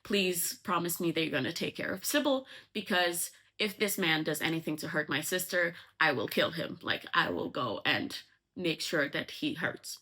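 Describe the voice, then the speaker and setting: A protective young sailor warning of what he will do, earnest and menacing, as a woman voices him. The voice is her own: lowish and bright. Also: moderate pace, hardly any pauses. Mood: threatening.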